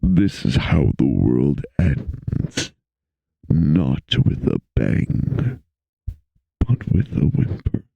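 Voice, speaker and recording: A man doing an impression: a very deep, slow, breathy announcer voice with a mock-seductive delivery, as a joke on a livestream. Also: big pitch swings, mellow, no room sound, highs cut off, full character voice. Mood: sultry.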